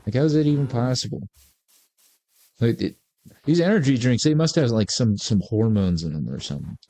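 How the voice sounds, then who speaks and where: Here the forties-aged gaming creator sounds mid-range, mellow, and expressive, talking a little fast with no room sound. His gameplay commentary rambles casually, peppered with relaxed jokes at his own expense.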